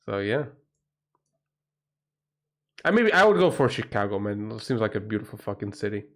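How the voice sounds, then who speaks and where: A man's voice: lowish voice, very animated, normal speed, a bit bright. Swearing, rambling Portuguese-accented man. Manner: rambling, profane, exclamatory. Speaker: livestream host. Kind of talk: casual livestream chat.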